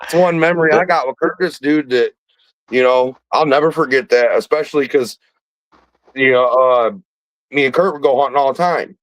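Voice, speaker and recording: A man's voice: mid-range voice, moderate pace, dry recording, poor audio. A man hosting a podcast, telling a rambling, profane hunting story with laughs, in a casual chat. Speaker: podcast host.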